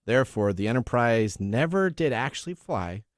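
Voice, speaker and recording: A man's voice: mid-range voice, big pitch swings, moderate pace, no room sound, clean studio sound. A man hosting a tech radio show, chatty, jokey and upbeat in casual banter. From US Pacific Northwest.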